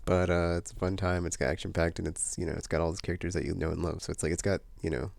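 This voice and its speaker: Very low-voiced rambling man, gravelly. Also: little pitch movement, very fast, darkish tone, no echo. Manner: meandering, many fillers and restarts. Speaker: vlogger. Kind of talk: casual rambling chat.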